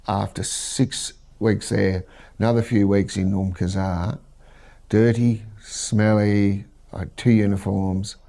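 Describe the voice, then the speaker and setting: A middle-aged Australian man, a military veteran, recounting war memories in a measured, halting interview. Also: on the low side, gravelly, dark tone.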